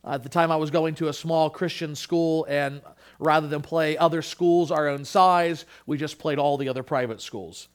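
High-voiced man preaching a sermon. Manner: earnest, with frequent restarts. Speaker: pastor.

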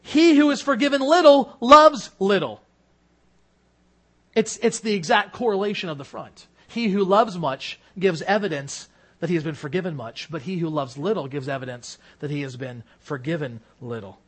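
Middle-aged guy preaching in church, high voice, gets loud then drops real quiet. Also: a little fast, breathy edge. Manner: earnest preaching, swelling louder on key lines then dropping low. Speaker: pastor. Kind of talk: sermon.

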